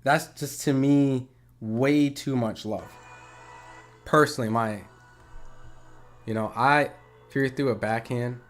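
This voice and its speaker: A man's voice: mid-range voice, slow pace, long pauses, faint music behind. Casual, argumentative male fight commentator. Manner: conversational, profane, argumentative. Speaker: boxing commentator on livestream. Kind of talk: casual livestream chat, reading viewer comments.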